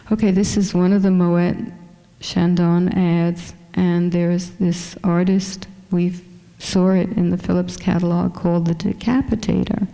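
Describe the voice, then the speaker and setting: A woman's voice: lowish voice, creaky, dark tone. A woman fashion photographer with a small voice, chatting casually with many fillers as she shows her photos in a museum lecture hall.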